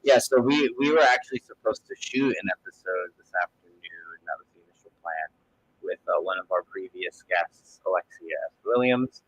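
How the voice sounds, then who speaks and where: Man, low voice, laid-back co-host, chats to viewers, casual livestream. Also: lively intonation, normal speed, fairly bright tone, slight background noise, poor audio. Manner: easygoing, explains plans, addresses viewers directly. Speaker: podcast co-host.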